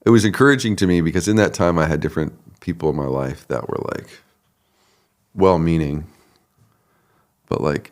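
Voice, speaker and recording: Pausing at length between thoughts, an associate pastor with an extremely low voice recounts his story at a moderate pace. It's easygoing, conversational storytelling full of laughter, with him mimicking the people he quotes.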